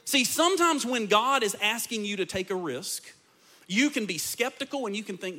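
A man preaching to his congregation as their pastor. His voice sits high and rings bright, and he builds each point with rising intensity. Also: animated, normal speed. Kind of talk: sermon.

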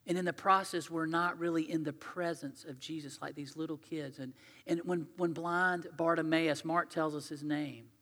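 A male pastor preaching in a conversational, storytelling way, swinging between loud emphasis and hushed asides. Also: on the high side, fairly even intonation, normal speed. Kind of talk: sermon. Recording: long hall reverb.

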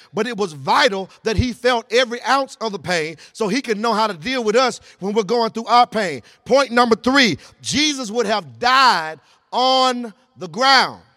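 A man preaching a sermon. He uses call and response and repeats lines, moving from low, quiet passages to shouted, sing-song peaks. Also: expressive, normal speed, few pauses, no echo, studio quality. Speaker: pastor.

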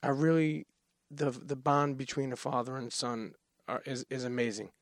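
A man hosting a podcast interview, earnest and halting, restarting his sentences. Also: medium pitch, fairly even intonation, no echo, studio quality. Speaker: podcast host. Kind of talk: casual interview.

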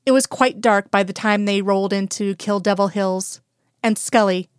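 A woman narrating a fan-fiction audiobook in a steady, even storytelling manner. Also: medium pitch, normal speed, clear, resonant tone, dry recording, studio quality.

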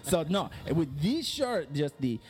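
A man's voice: a little high, very animated, measured pace, faint music behind. An actor playing a flamboyant, sassy male fashion consultant in a comedy sketch, talking theatrically and swinging between gushing and mock outrage. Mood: teasing.

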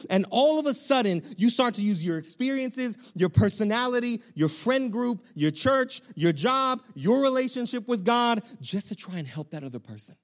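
A young man, a pastor, preaching a sermon in an animated, conversational way with casual slang. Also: extremely high pitch, normal speed, hardly any pauses.

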